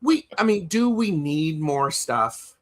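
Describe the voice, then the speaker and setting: A man's voice: on the high side, very animated, slow pace. A man co-hosting a live tarot stream from home over a video call, chatty and playful, often restarting his sentences. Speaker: co-host of a tarot livestream. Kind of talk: casual live chat.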